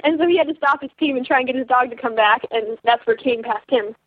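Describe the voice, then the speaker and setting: A teenage girl racing sled dogs, telling her story in an animated way with lots of "like" and quoted thoughts. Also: high-pitched, fast, dry recording. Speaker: dog sled racer, interview guest. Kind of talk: storytelling over the phone. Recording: tinny phone line.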